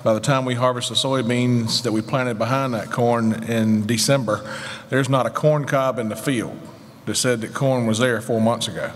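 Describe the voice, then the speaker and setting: Man, panel guest, plainspoken, brisk, mid-pitched voice, long hall reverb. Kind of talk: conference panel discussion. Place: conference session hall.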